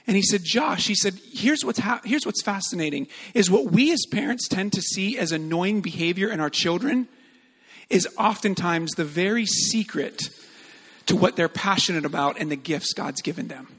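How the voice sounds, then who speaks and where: A man giving an earnest, animated sermon-style talk on parenting, telling stories with many fillers. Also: high voice, normal speed, husky, big-room sound. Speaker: speaker on parenting.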